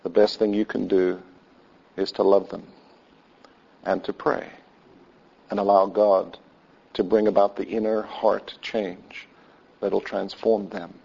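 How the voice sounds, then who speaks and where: A man delivers a sermon as pastor, earnest and measured, letting his phrases fade softly. His voice is low, dark and gravelly, with a husky edge. The sound is dull and lo-fi. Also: flat delivery. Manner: earnest preaching that trails off softly at line ends.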